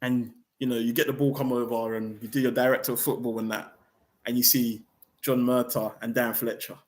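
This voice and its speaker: A man's voice: medium pitch, brisk. Fuming man ranting about football. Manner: heated, slangy, animated rant. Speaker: football fan channel host. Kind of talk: ranting fan vlog.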